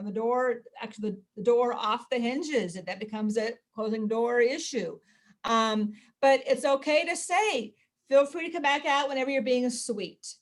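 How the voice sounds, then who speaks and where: A woman parent educator explaining discipline steps to families in a calm way, with many ums and restarts. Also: fairly high pitch. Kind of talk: casual presentation.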